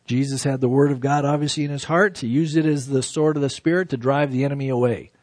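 A man preaching a verse-by-verse sermon, reading scripture slowly and then explaining it with lively emphasis. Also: medium pitch, no room sound, clean studio sound. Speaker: pastor. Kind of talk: expository sermon.

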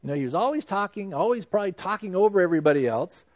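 A man preaching a sermon in a relaxed, conversational way, dropping in "you know" asides as he goes. His voice sits fairly high for a man. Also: very fast, muffled recording. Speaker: pastor.

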